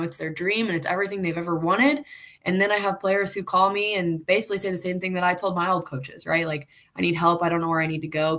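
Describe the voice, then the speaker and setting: A young woman and former athlete chats about her college years on a podcast. Her voice is bright and a touch low. She tells stories with energy and slips into other voices for the quotes. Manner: animated storyteller, acts out quotes, laughs often. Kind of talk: casual podcast chat.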